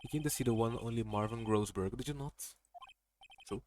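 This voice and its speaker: A man voicing a pompous, blustering older male lawyer who talks in a gruff, self-important and impatient way. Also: mid-range voice, fairly quick, a little mellow, a little hiss or hum, close to an everyday voice. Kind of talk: reading game dialogue aloud.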